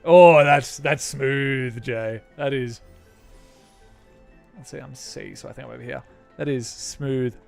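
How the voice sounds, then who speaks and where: A man's voice: mid-range voice, slow pace, gravelly, pauses often, no room sound, soft background music. A young Australian man chatting casually with viewers while streaming a game, rambling and correcting himself as he goes. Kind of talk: casual gaming chat.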